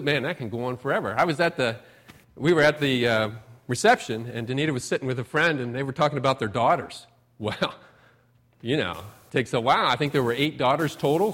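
In a mid-range voice, a middle-aged pastor offers a sermon that feels like conversation, built around homey personal tales. He lifts his voice to emphasize, then lets each phrase taper off gently.

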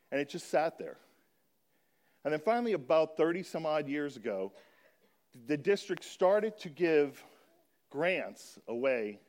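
Man, church talk, earnest and explanatory, slightly higher voice, slow scripture reading. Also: darkish tone. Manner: earnest, explanatory, reads scripture aloud slowly. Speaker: guest speaker for a children's charity.

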